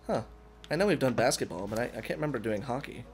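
Lively swearing male game streamer. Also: medium pitch, quick pace. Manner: animated, swearing, laughing often. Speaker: gaming livestream host. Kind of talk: casual profane gaming banter.

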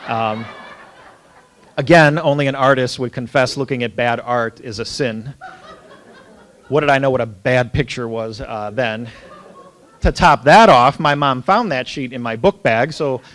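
A priest tells funny stories from his childhood, poking fun at himself and using plenty of fillers. His voice is medium in pitch and fairly bright, and he speaks at a measured pace.

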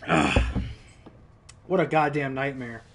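A man's voice: mid-range voice, very animated, slow pace, fairly bright tone, husky. A man streaming a video game, telling a rambling, profane story in casual live-stream chat.

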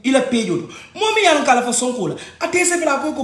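A high-voiced man with a Gambian accent delivers an agitated personal rant, circling back to the same complaints. His voice bounces around an echoey room. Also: very animated, quick pace, hardly any pauses, fairly bright tone. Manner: agitated, switching languages, repeating points.

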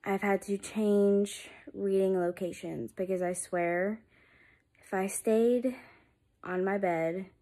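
A woman's voice: mid-range voice, fairly even intonation, slow pace, mellow. A tired young woman chatting casually to her vlog camera at home, sleepy and self-deprecating. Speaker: vlogger.

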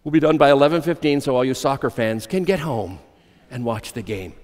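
A man's voice: medium pitch, brisk, darkish tone, long reverb tail. A man preaching a sermon as pastor, emphatic and repeating key phrases, telling illustrative stories to his congregation. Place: church sanctuary.

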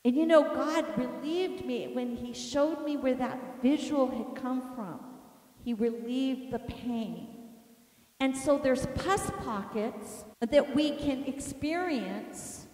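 A woman teaching a class, telling a personal story in an animated, emphatic way. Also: high voice, takes it slowly. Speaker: teacher of an inner healing course. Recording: echoey hall from far off.

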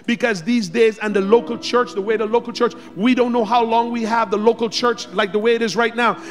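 Male pastor, high-pitched, fervent sermon, shouting then hushed, church sanctuary, faint music behind. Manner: exhorting, calls on the congregation to respond; lively, swings between loud shouts and quiet asides.

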